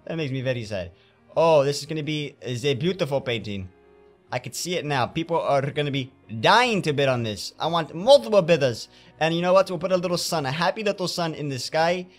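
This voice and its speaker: A man's voice: a little high, animated, brisk. A man giving theatrical let's play commentary, talking to himself as he paints in a game, with faint game music behind him. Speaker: gamer playing a painting game.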